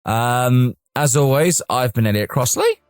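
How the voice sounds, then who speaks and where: Lively, unhurried man teasing friends. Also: mid-range voice, clear, resonant tone, dry recording. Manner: playful, teasing and deadpan in jokes. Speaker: podcast co-host. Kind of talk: casual chat, jokey sign-off.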